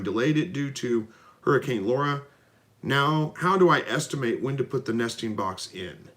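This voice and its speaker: A middle-aged man hosting a casual live stream, reading out viewer comments and answering in a relaxed, folksy way. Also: fairly high pitch, brisk. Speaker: livestream host answering viewer questions. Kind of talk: casual live Q&A about raising rabbits and quail.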